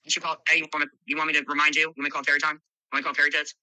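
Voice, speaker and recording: A woman's voice: low voice, level tone, rapid-fire, sharp tone, dry recording, rough recording. Brash, profane woman hosting a live stream. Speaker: livestream host. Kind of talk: live stream chat moderating callers.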